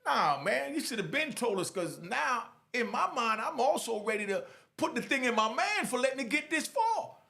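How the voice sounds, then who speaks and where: Man from Jamaica, storyteller; high, gravelly voice; animated casual delivery. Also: moderate pace. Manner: animated, keeps saying "you know what I mean". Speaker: storyteller recounting prison life. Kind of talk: casual first-person storytelling.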